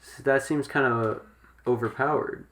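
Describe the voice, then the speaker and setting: A man's voice: mid-range voice, steady tone, unhurried, fairly bright tone. A man co-hosting a casual podcast, asking lots of curious questions. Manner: curious, asks many questions. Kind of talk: casual chat.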